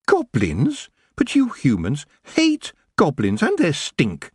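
A man voicing a proud, imperious female elf, a former queen, high and cold. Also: huge pitch swings, takes it slowly, husky, no room sound, studio quality, heavily acted. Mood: haughty.

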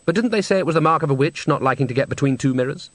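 Dry, measured male audiobook narrator. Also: on the high side, lively intonation, dry recording. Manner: measured, wry storytelling. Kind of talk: scripted narration. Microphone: close studio mic.

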